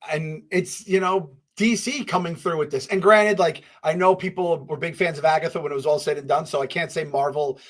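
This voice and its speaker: Podcast dude rambling along, kinda high voice, lotta likes. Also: male voice, steady tone, fairly quick, hardly any pauses. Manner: rambling, lots of fillers. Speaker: podcast co-host. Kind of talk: casual chat.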